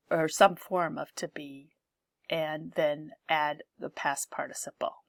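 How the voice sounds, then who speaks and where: Slow, deliberate woman teaching grammar. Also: on the low side, no echo. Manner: clear, deliberate explaining with repeated examples. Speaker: English teacher. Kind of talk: grammar lesson.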